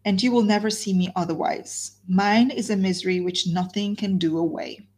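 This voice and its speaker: A woman's voice: mid-range voice, fairly even intonation, normal speed, darkish tone, breathy edge, lightly acted. A woman reading a novel aloud, voicing a heartbroken, wildly despairing young woman who pleads and repeats her words.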